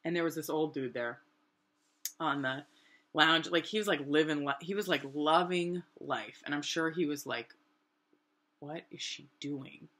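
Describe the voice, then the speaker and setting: A woman in her thirties from New Hampshire telling a personal story in a rambling, animated way with lots of fillers. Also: low voice, normal speed. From New Hampshire, USA. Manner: animated, rambling, many "like" fillers, acts out quotes. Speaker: artist and vlogger.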